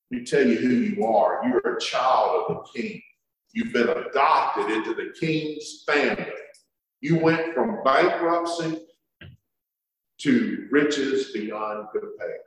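A man preaching a sermon, emphatic, stretching words out and pausing for effect. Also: mid-range voice. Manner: emphatic preaching with drawn-out words and dramatic pauses. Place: church sanctuary. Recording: echoey hall from far off.

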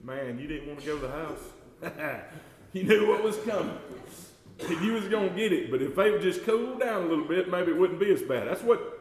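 A man preaching a sermon, folksy and talking to the congregation as y'all, growing loud and slow whenever he quotes scripture. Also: medium pitch. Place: church sanctuary. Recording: echoey church hall with long reverb.

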